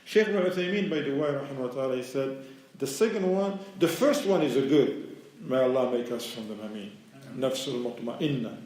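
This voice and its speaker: A man delivers a relaxed, conversational religious lecture, explaining his points plainly in English with non-native grammar. His voice sits at an ordinary middle pitch. It carries a heavy echo from a large hall, picked up by a microphone set well away from him. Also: fairly quick. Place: mosque lecture room. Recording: very echoey hall, mic far away.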